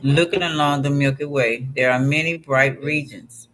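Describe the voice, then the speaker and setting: A man's voice: medium pitch, fairly even intonation, normal speed, over music. A man hosting a vlog, reading astrology text aloud and breaking off into casual, conversational asides. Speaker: vlog host.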